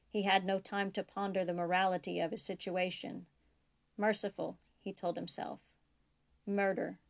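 A woman reading her own fiction aloud in a steady, measured narration, dropping to soft whispers for tense dialogue. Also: medium pitch, creaky. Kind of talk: audiobook-style fiction reading.

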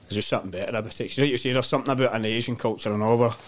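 A man with a Scottish accent, a podcast guest chatting casually and telling animated, sweary stories. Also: medium pitch, very fast. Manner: swears freely, animated storytelling. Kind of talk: casual chat.

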